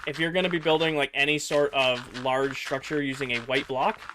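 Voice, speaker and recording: A man's voice: mid-range voice, steady tone, fairly quick, hardly any pauses, background noise. A young man streaming a game, chatting casually with viewers, rambling with lots of filler words and losing his voice a little. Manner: rambling, filler-heavy, answering chat. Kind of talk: casual livestream chat with viewers.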